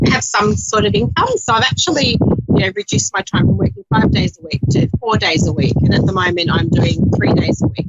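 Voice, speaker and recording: A woman talking as a radio show guest, earnest and hesitant, with many pauses and ums. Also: mid-range voice, creaky. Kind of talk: casual interview chat. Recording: dull lo-fi audio with faint hiss.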